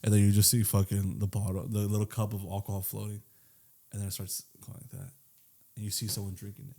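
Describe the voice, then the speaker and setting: A man's voice: on the low side, fast talker. A young man co-hosting a comedy podcast, chatting casually and acting out bits with lots of swearing. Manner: animated storytelling, acts out bits with swearing. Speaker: podcast co-host. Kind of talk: casual chat.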